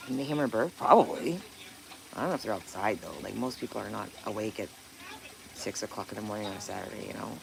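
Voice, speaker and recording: A woman's voice: a bass voice, fast, vocal fry. Chatty woman live-streaming outdoors. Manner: rambling, swearing, answers viewer comments aloud. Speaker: livestream host. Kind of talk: casual livestream chat. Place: outdoors by a backyard pond. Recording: outdoor noise in background.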